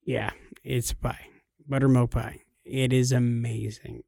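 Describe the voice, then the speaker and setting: A man's voice: mid-range voice, level tone, a little slow, gravelly, warm tone, breathy edge, no room sound, studio quality. A man from California co-hosting a podcast, chatting casually in an enthusiastic, playfully boastful way. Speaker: podcast co-host. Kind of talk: casual chat.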